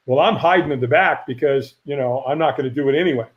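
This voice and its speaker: A middle-aged man, a firewalk instructor, telling a lively story in a casual interview and acting out the voices of people he quotes. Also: mid-range voice, fast. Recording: dull lo-fi audio.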